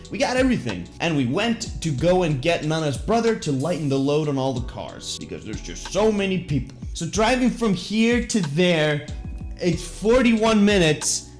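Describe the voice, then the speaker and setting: A man's voice: on the high side, darkish tone. A young man telling an embarrassing story in a comedic storytime monologue, jokey and self-deprecating with puns and asides. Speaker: vlogger.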